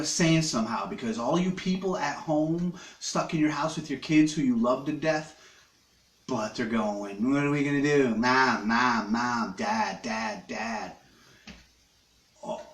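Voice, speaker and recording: Streaming live from his living room, a man with a mid-range voice chats casually, and the sound is reverberant. He rambles, jokes crudely with viewers and eats as he goes.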